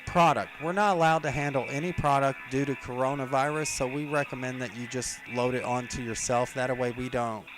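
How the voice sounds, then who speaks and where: A man's voice: mid-range voice, fairly even intonation, a little fast, few pauses, over music, lightly acted, low-quality recording. A man voicing a blunt, sassy female store coworker, matter-of-fact and brash. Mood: breezy.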